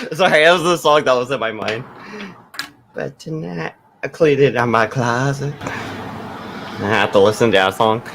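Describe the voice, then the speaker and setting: A man's voice: mid-range voice, a little slow, gravelly, long pauses, noisy background. A man hosting a casual livestream, joking around between snatches of sung tunes. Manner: jokey, sings snatches of songs. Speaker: livestream host.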